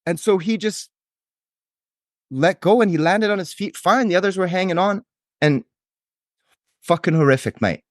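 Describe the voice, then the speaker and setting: Comedic bystander played by a man, rattled and swearing, high-pitched voice, repeats himself. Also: normal speed, long pauses, no room sound, studio quality, close to an everyday voice. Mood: rambling. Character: shocked foul-mouthed male neighbor witness. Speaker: podcast co-host. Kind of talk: improvised comedy sketch.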